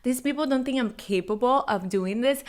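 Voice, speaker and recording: A woman's voice: on the high side, brisk. A woman who is a guest on a podcast, talking casually and with lots of fillers.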